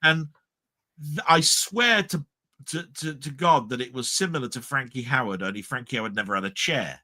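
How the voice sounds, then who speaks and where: Speaking at a moderate pace and medium pitch, a middle-aged Englishman co-hosts a podcast, drifting through easygoing talk about old comedy. He livens it up with comedian impressions, heard on a live stream mic with no echo.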